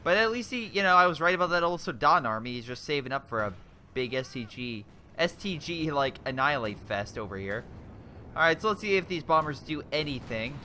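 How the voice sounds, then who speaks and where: A young man giving casual commentary over a strategy game replay, excitable and rambling, breaking off into exclamations. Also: fairly high pitch, brisk, slight background noise.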